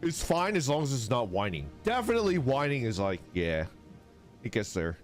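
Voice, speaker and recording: A live streamer speaks at a moderate pace in a mid-range voice, with gentle music playing behind him. He's lively and casual with his audience, reading chat messages out loud and cursing liberally.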